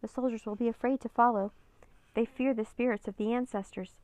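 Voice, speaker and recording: A woman's voice: a little high, fairly even intonation, brisk, a little mellow, lightly acted. Woman doing an earnest old scholar. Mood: urgent. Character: old male scholar, worried and helpful.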